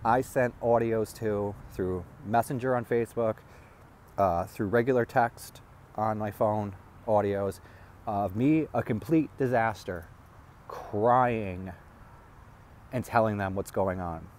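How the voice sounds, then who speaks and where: Low-voiced man rambling through a story. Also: darkish tone, slight background noise. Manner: rambling, halting, with many restarts. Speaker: vlogger. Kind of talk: personal storytelling monologue.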